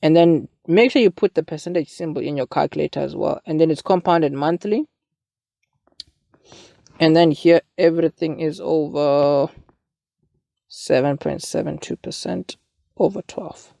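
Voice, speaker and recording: A man's voice: a little high, unhurried, creaky, pauses often, dark tone, dry recording, clean studio sound. A young man, talking casually through a maths exam paper as a tutor and often asking "you see". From South Africa. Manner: chatty, asks listeners "you see".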